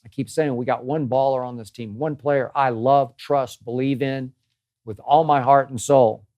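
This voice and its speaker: An older man sounds off in a sports commentary monologue, hammering his points and repeating phrases with exasperated emphasis. His voice sits at an ordinary pitch, recorded close and dry with no room sound. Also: fairly even intonation, moderate pace, darkish tone, dry recording. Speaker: host.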